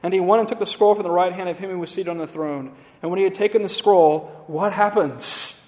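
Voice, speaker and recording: A man teaching a Bible lesson, reading passages aloud and putting questions to his listeners. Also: high voice. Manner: reads scripture aloud and quizzes listeners. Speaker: teacher of scripture. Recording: long hall reverb.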